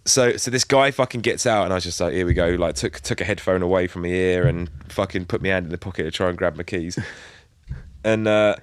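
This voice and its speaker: A man's voice: sits low, a little fast, clear, resonant tone. A young man, co-hosting a podcast and telling a story in a laid-back, sweary way. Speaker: podcast co-host. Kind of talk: casual chat.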